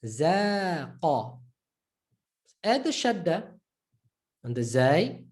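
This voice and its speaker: A woman teaching an online lesson, patiently repeating points, checking in with learners and slowly drawing out example words. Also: lowish voice, very animated, darkish tone. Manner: slowly drawn-out word demonstrations. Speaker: Arabic reading teacher.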